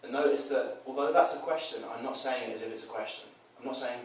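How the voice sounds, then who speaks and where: A male dating coach talks through his approach casually, quick and with hardly any pauses, in a medium-pitched voice. He acts out scenes with animation, changing his voice for quotes. The mic is set back in an echoey room with faint noise.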